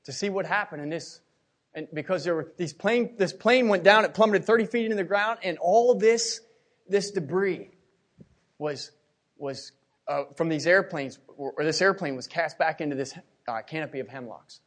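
A middle-aged man from Pennsylvania preaching a sermon, telling a personal story with emotion and repeating his words as he swings from hushed to loud. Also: on the high side, moderate pace.

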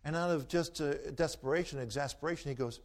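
A man with a fairly high-pitched voice speaks quickly while giving a folksy storytelling lecture and taking audience questions. He tells stories in a homespun way and hammers his points home with rhetorical, preacherly emphasis.

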